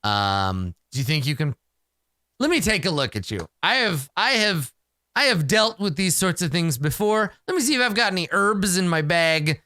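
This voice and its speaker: A man's voice: high-pitched, big pitch swings, moderate pace, bright, forceful tone, dry recording, clean studio sound, heavily acted. A man voicing his own tabletop character, a blunt but caring traveling nun who offers herbs to a sick companion. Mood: reassuring. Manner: blunt then reassuring.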